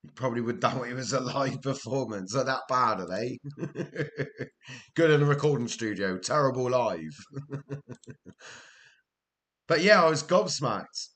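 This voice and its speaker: A man's voice: medium pitch, expressive, a little slow, pauses often, a bit bright. A man chatting casually with his live-stream viewers while playing a game, joking and laughing often.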